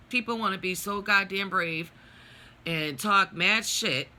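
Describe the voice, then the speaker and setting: A woman's voice: medium pitch, unhurried, sharp tone. A middle-aged woman vlogging a personal story, venting in a blunt, profane, heated way.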